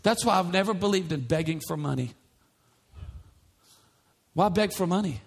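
A man's voice: high-pitched, lively intonation, moderate pace, creaky, a little hiss or hum. A male pastor preaching a sermon in a church, emphatic, with many repeated rhetorical questions.

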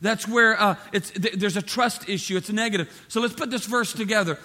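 A man's voice: high-pitched, fairly quick, bright, forceful tone. A man preaching a sermon, driving points home with emphatic repetition and acting out the voices of the people he quotes. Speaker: pastor.

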